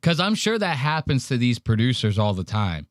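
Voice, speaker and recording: A man's voice: mid-range voice, big pitch swings, normal speed, no echo, studio quality. A man hosting a podcast, reacting to clips in casual, profane, joking chat. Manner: profane, joking, acts out quotes. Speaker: podcast host.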